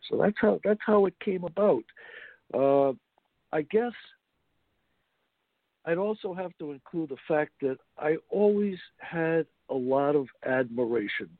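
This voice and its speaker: A man with a gravelly edge is being interviewed about his book. He talks haltingly and often restarts his sentences, and the sound comes through a thin, phone-like line. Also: fairly high pitch, dry recording. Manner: halting, many fillers and restarts. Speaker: author guest. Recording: tinny phone-like line, dry.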